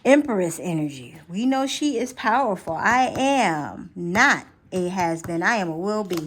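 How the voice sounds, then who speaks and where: A woman running a casual spiritual reading vlog. She is chatty and affirming, thinks aloud with repeated phrases and restarts, and slows into soft affirmations. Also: fairly low pitch, lively intonation, husky. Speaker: astrology and tarot reader.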